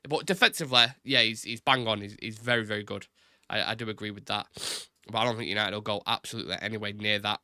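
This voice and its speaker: Chatty man with a bright voice. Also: fairly low pitch, steady tone, fast talker, dry recording, studio quality. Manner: chatty, repeats words, says "innit", reads chat aloud. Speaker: live stream host. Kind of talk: casual live-stream football chat.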